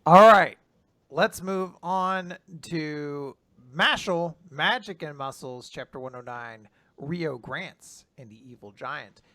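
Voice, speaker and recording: A man casually recapping a manga chapter on a podcast, animated, often laughing and acting out characters' lines. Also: a little high, slow, dry recording. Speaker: podcast co-host.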